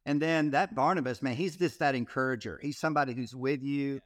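Male ministry guest, mid-pitched, animated storyteller, dry close-mic recording. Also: brisk, no echo. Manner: animated storyteller, frequent repeated starts. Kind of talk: casual interview, storytelling.

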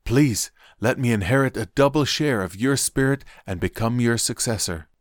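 In a Bible story reading, a man voices Elisha, an earnest, devoted young prophet. His mid-range voice is pitched a bit above his own yet stays close to an everyday voice, at a moderate pace. The studio sound is clean, with no room sound.

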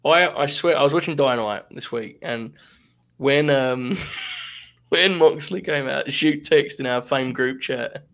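A man's voice: mid-range voice, a little slow, gravelly, a bit bright. A man in the middle of his range co-hosts a podcast in loose, casual chat. He laughs a lot, swears freely and drifts into rambling asides as he talks. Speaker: podcast co-host.

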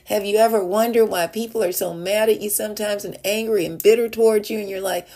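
On her devotional podcast, a woman reads scripture aloud and then talks through it casually, laughing a little as she goes. Her voice is warm and medium-pitched, with fairly even intonation and a moderate pace, captured in a podcast voice message.

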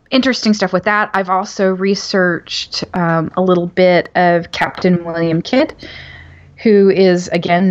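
A woman with a slightly low voice talks through history she has researched, full of enthusiasm and pausing on ums. Her audio sounds dull and lo-fi. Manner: enthusiastic, detailed explaining with many ums. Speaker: author guest. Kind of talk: podcast interview.

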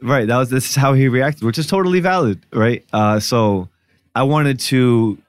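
A man's voice: medium pitch, moderate pace, clean tone, no room sound. A man in his thirties, a journalist guest, telling stories in a casual podcast chat and laughing often. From United States. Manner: laughing often, animated storytelling.

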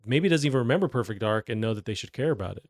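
A man's voice: medium pitch, lively intonation, racing, no room sound. A man hosting a gaming news show, talking in a loose, rambling way with many fillers. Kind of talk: casual gaming news chat.

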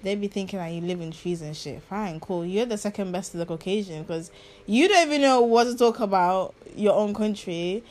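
Blunt, animated young woman from Ghana. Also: medium pitch, brisk. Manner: blunt, animated, swears freely. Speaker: podcast host. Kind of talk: casual chat.

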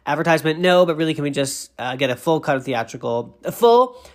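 A quick-talking comic voice, from Boston but with no trace of an accent, rattling through a recap of commercials. The speaker rambles off on tangents, interrupts themselves and stumbles over words, recording alone in a bathroom. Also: medium pitch, lively intonation. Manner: digressive, self-interrupting, tripping over words. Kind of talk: comedic rambling monologue.

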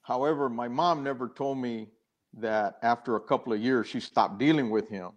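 Older man telling his story, halting. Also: mid-range voice. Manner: earnest and halting, acting out quoted dialogue. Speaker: guest. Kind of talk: personal story in an interview.

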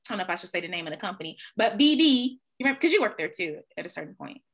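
A woman in casual chat as a podcast co-host, animated, swearing freely and laughing often. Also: mid-range voice, racing.

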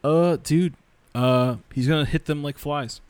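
Excited, profane podcast guy. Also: fairly high pitch, measured pace, smooth, no echo. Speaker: podcast co-host. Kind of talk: casual chat.

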